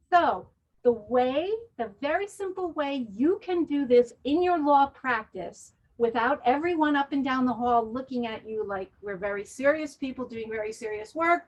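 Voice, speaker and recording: In a webinar, a woman with an American accent leads listeners through breathing and laughter exercises as a wellness presenter. Her voice is high-pitched, and the recording has its highs cut off.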